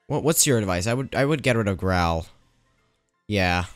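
With a voice on the low side and lively intonation, a gameplayer narrates his playthrough at normal speed. There's no room sound, just faint music behind him as he thinks aloud and pokes fun at the characters.

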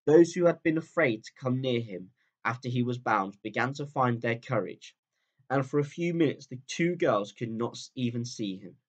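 A male teacher reading a chapter of a children's book aloud in a calm, steady storytelling voice that drops low at the ends of sentences. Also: normal speed, dull audio.

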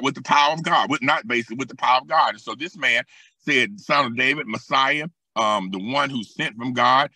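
A man preaching a sermon as pastor, with a Southern US accent, moving between calm scripture teaching with hesitant restarts and raised, emphatic passages. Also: medium pitch, breathy edge, no room sound. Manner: hesitant fillers and restarts while explaining scripture.

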